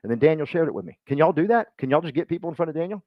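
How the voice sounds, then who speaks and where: A man's voice: a little high, lively intonation, very fast, no room sound, highs cut off. A man giving a loose, joking motivational talk to a room, rambling and acting out the voices he quotes. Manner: rambling, self-mocking, acts out quoted voices. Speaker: speaker at a business meeting.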